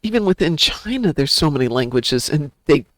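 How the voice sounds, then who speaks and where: Midwest guy hosting a game stream, higher voice, chatty, dry mic. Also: very animated, moderate pace, a bit bright, no echo, low-quality recording. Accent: American Midwest. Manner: chatty storyteller. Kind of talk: casual chat while gaming.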